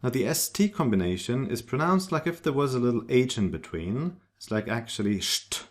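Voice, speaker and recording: A man's voice: mid-range voice, very animated, a little fast. A man teaching a pronunciation lesson, spelling out sounds and carefully repeating example words. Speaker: language teacher. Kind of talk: slow, deliberate pronunciation lesson.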